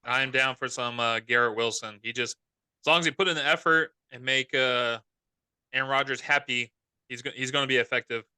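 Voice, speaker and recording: A man's voice: medium pitch, fairly even intonation, fairly quick, pushed and bright, clear, resonant tone, no echo. A man co-hosting a fantasy football podcast in casual, rambling chat that often corrects itself mid-sentence. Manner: loose, rambling, self-correcting. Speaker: podcast co-host.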